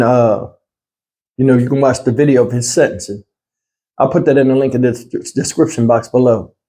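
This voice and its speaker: A man's voice: a little high, a little mellow. Blunt, heated male commentary host. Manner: blunt, heated, slangy, talks straight to viewers. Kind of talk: casual reaction commentary.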